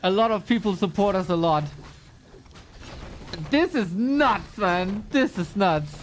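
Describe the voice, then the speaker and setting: A man casting a live esports stream, excitable and exclamatory, swearing freely. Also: high voice, slow, slight background noise. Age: adult, long-time caster. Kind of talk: live stream game commentary.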